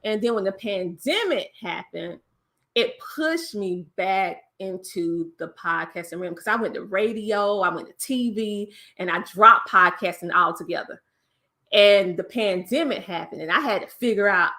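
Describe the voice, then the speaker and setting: A woman with a Southern US accent and a country twang, telling her story as a guest in a casual interview, lively and acting out other voices. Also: mid-range voice, moderate pace. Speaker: podcast guest.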